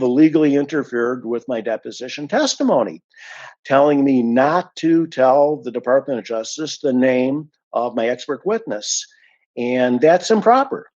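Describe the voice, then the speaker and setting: A man's voice: medium pitch, darkish tone, lo-fi sound. A man giving an indignant, emphatic account of a complaint as an unhappy client, stressing and repeating his points. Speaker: dissatisfied client giving a review.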